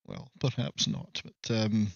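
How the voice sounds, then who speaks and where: A Scottish man at a mid pitch talks loosely to his stream audience, wandering off on tangents and poking fun at himself. His voice comes through a little dull and muffled, with a dry and close sound. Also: creaky, slightly rough, no room sound. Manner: rambling, self-mocking joker. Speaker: livestream host. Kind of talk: casual livestream chat. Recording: slightly muffled, dry audio.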